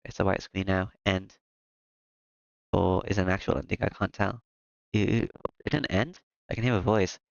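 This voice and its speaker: Creaky low-voiced man reading a game. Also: level tone, moderate pace, long pauses, dry recording. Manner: hesitant, with many fillers. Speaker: visual novel reader. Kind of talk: casual game commentary. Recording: lo-fi with loud music behind.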